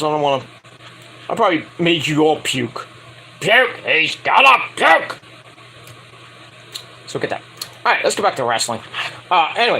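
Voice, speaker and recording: A man's voice: a little high, fairly bright tone, slight background noise, rough recording. A man giving a casual, crude and opinionated wrestling review, swearing freely.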